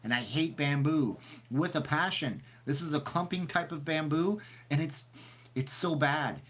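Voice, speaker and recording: A man's voice: a little high, measured pace, fairly bright tone. A man hosting a casual livestream, rambling and chatty as he reads questions from the chat aloud, sniffly from seasonal allergies. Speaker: channel host answering live chat.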